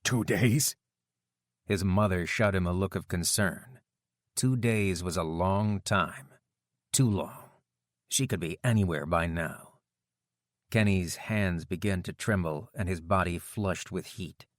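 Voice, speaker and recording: A male audiobook narrator with a low, grounded voice and steady, measured delivery. The recording is dry and close. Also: no echo. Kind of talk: scripted narration.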